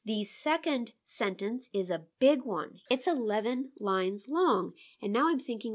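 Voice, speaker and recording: A woman's voice: a little high, lively intonation, measured pace, few pauses. A woman, a poet and English professor, co-hosting a poetry podcast and walking through her reading of a poem in an engaged, questioning way. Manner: engaged, asks herself questions while analyzing. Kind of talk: conversational literary discussion.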